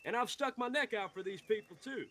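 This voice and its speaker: A man's voice: on the high side, animated, normal speed, fairly bright tone, slight background noise. A man voicing a hot-headed young Western outlaw who rambles, swears and talks in heated bursts. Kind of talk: Western role-play.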